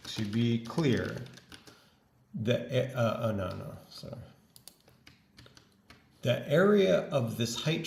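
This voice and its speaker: Slow, halting man dictating a prompt. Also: medium pitch, creaky, reverberant. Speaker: web developer. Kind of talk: dictating prompts to an AI coding tool.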